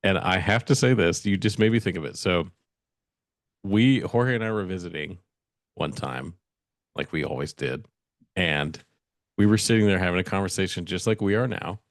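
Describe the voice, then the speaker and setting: A man's voice: low-pitched, moderate pace, pauses often, no echo, studio quality. A man co-hosting a podcast, telling a spooky story in casual chat and acting out the dialogue with animation. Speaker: podcast co-host.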